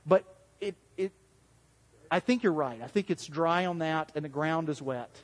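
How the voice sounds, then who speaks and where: High-voiced man preaching in a hall. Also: normal speed. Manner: conversational, asks the congregation questions; acts out quoted voices with big pitch jumps. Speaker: pastor. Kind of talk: interactive sermon.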